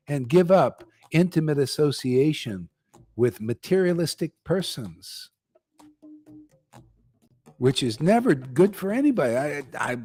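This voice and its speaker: A man's voice: medium pitch, a little mellow, husky. An older man giving a blunt, slangy devotional talk as a spiritual teacher, ranting and calling his listeners "man.". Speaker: spiritual teacher leading a chanting gathering.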